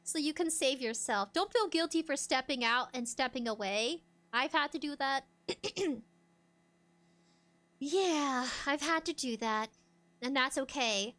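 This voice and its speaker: A woman streamer chatting casually, laughing often and acting out bits of dialogue in loud bursts. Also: high voice, expressive, unhurried. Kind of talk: casual chat.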